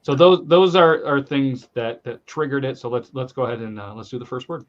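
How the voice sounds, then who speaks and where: Halting man hosting a podcast, lo-fi sound. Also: medium pitch. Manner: halting, repeats words while leading. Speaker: podcast host. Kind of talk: casual podcast chat.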